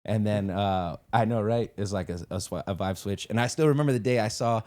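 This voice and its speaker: Laid-back slangy man, lowish voice. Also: brisk, a little mellow. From El Paso area. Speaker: MMA fighter guest. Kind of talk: casual podcast chat.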